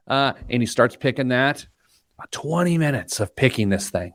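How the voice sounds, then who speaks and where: Animated joking male podcast host. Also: mid-range voice, a little fast, no echo, studio quality. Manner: jokey, storytelling, animated. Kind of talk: casual chat.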